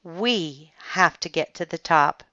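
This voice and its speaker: A woman's voice: fairly low pitch, slow, sharp tone, dry recording, exaggerated voice. A woman voicing a cautious, grumbling young boy in a storybook reading, with a tense, exasperated manner. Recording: dull lo-fi sound.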